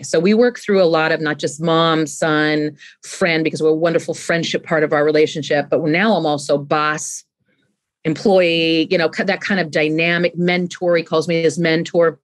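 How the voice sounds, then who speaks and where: Animated middle-aged woman coaching on leadership. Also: low-pitched, moderate pace. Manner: animated, acts out quoted voices, repeats words when starting a thought. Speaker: podcast guest, leadership coach. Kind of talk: conversational interview.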